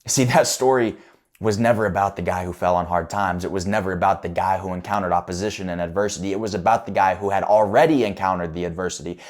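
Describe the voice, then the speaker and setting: A man giving a motivational speech as a coach, building to loud, impassioned peaks. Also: low-pitched, steady tone, fast.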